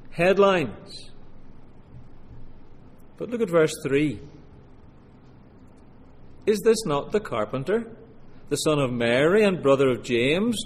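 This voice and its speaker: Slow, measured man preaching in a hall. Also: fairly high pitch. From Scotland. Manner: measured, earnest preaching with slow deliberate scripture reading. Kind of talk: sermon. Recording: long hall reverb, faint room ambience.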